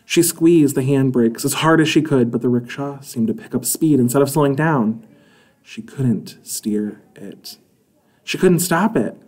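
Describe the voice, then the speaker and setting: A man reading a children's chapter book aloud in an expressive, measured way. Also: medium pitch. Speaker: storybook reader.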